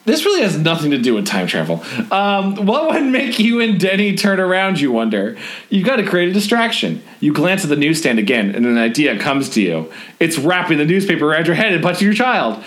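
A man's voice: fairly high pitch, huge pitch swings, a little fast, fairly bright tone. A man hosting a comedy podcast, reading an adventure book aloud with laughing asides. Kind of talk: comedic read-along with banter.

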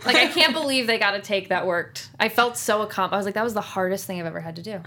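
Bubbly young woman telling stories. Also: mid-range voice. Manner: bubbly, laughing, quick animated storytelling. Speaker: sitcom actress guest. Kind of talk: casual interview chat.

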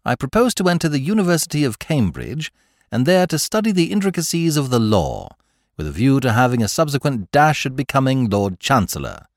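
A suave young gentleman with an airy drawl, spinning long, elaborate formal phrases, as a male narrator puts him on. His pitch rises and falls freely, and the recording is close and dry. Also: sing-song, brisk, dry recording.

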